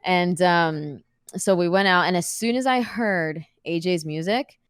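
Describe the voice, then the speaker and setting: Animated woman telling a story, low voice. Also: measured pace, clear, resonant tone, dry recording, studio quality. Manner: animated, laughing often, many fillers. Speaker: podcast guest, wrestler and actor. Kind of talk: casual storytelling interview.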